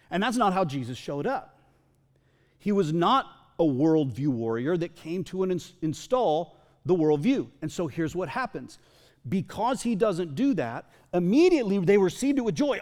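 A man's voice: high-pitched, very animated, normal speed, a little mellow. A male pastor giving a sermon in a church hall, talking conversationally and often repeating words as he goes.

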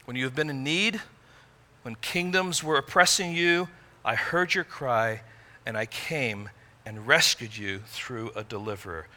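A man preaching a sermon in an earnest way, rising to emphatic peaks and dropping low and quiet. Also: unhurried. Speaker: pastor.

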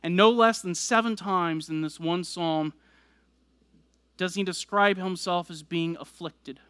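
A man's voice: sits high, unhurried, bright, forceful tone, dry recording. A man preaching a sermon, explaining scripture verse by verse and building emphasis as he goes. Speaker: pastor.

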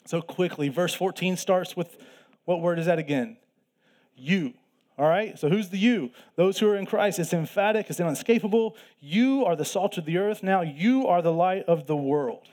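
A man's voice: high voice, normal speed, a little mellow. A man preaching a sermon in a conversational, teaching way, emphatic at times and often restarting his sentences. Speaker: pastor.

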